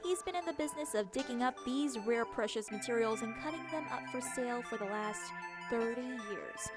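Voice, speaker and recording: A woman TV travel reporter narrating a travel feature and interviewing locals in a bright, upbeat, curious way. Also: on the high side, animated, brisk. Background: music.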